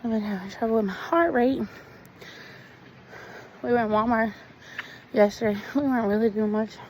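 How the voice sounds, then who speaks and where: A woman's voice: on the high side, normal speed. A woman vlogging on a hilly outdoor trail, out of breath, panting and chatting to her viewers. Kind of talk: casual walking vlog. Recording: outdoor phone recording with loud background noise.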